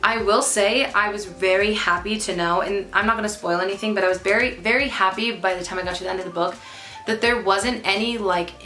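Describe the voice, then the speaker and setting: A woman's voice: medium pitch, sharp tone. A woman in her twenties chatting casually to camera as a book vlogger, gushing and emphatic, repeating words for stress. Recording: echoey room with faint music.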